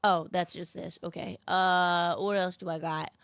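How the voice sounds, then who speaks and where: A woman's voice: lowish voice, little pitch movement, a little slow, vocal fry, a bit bright, clear, resonant tone, dry recording, studio quality. A young woman streaming as a VTuber, chatting in a casual, rambling way with cutesy slang. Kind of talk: casual live-stream chat.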